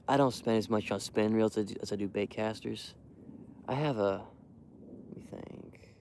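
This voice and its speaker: A young man quietly rambling to his live stream while hunting outdoors in the cold wind, full of fillers and restarts. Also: lowish voice, a little fast. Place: outdoors in a windy field edge.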